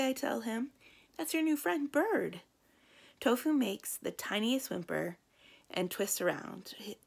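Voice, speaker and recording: Expressive woman reading a kids' novel. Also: vocal fry. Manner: lively, expressive storytelling with big swings in pitch and loudness. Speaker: librarian reading aloud. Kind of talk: reading a children's novel aloud.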